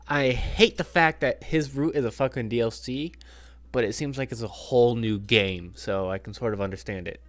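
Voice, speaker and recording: A man's voice: medium pitch, moderate pace, fairly bright tone, no echo, soft background music. A man hosting a let's play, chatting casually and sarcastically with heavy swearing. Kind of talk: casual gaming commentary.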